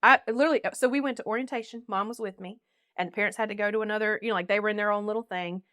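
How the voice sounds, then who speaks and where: A woman's voice: medium pitch, rapid-fire, dry recording, clean studio sound. A young woman from North Carolina, a podcast guest telling her life story and acting out the people in it. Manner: animated, laughing often, acting out quoted voices. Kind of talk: casual storytelling.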